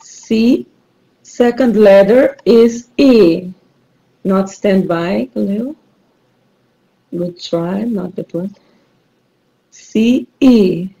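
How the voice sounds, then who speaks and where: A woman's voice: mid-range voice, drawn-out words, gravelly, long pauses, dark tone, low-quality recording. A woman teaching English online, running a rhyming word game and patiently repeating clues and praising her students.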